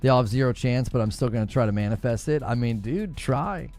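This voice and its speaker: A man's voice: mid-range voice, animated, a little fast, a little mellow, soft background music. A man hosting a gaming livestream in a casual, chatty way, laughing often and talking to his viewers. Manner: laughs often, talks to chat.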